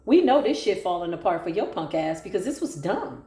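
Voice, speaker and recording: A woman's voice: lowish voice, very animated, a little fast, dark tone. Sassy woman tarot reader, echoey room. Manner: sassy, sarcastic, preachy. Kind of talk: solo tarot reading. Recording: echoey room with faint music.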